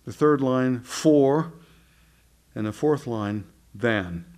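A man's voice: medium pitch, extremely slow, a little mellow. A man teaching a group the words and beats of a new hymn, reading psalm verses aloud with frequent restarts. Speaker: song leader teaching a hymn.

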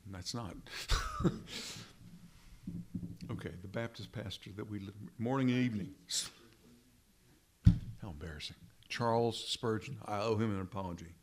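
A man preaching a sermon, slow and deliberate, repeating phrases for emphasis and addressing the congregation as brethren. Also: lowish voice. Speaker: pastor.

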